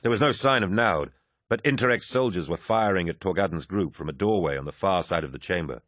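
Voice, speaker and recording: Very deep-voiced male audiobook narrator. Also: fairly quick, fairly bright tone, no echo, studio quality. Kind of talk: scripted narration.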